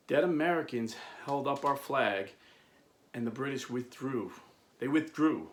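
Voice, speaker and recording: A man hosting a video, telling a historical story in an animated, emphatic way. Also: medium pitch, unhurried, reverberant. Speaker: video host. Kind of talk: impassioned storytelling.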